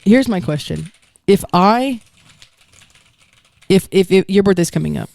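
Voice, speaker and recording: A woman's voice: mid-range voice, expressive, unhurried, vocal fry, a little mellow. A woman co-hosting a podcast, telling a long, rambling hypothetical story in casual banter. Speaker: podcast co-host.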